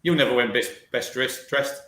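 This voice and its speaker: A man's voice: mid-range voice, moderate pace, sharp tone, roomy sound, slight background noise. A man co-hosting a casual football podcast, teasing and full of banter. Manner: teasing, banter-heavy, asks questions. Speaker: podcast co-host.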